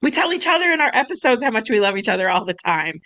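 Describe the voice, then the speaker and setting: A woman's voice: on the high side, very animated, rapid-fire, pushed and bright, rough recording. Laughing woman co-hosting a podcast. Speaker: podcast co-host. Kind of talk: casual podcast chat.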